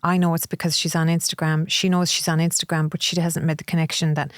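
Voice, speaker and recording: A middle-aged Irish woman talks through her experiences in a candid, reflective way. Her voice sits a little low for a woman, and the recording is close and dry. She now and then acts out what other people say to her. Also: level tone, quick pace, no room sound. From Ireland. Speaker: podcast guest. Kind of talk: conversational interview.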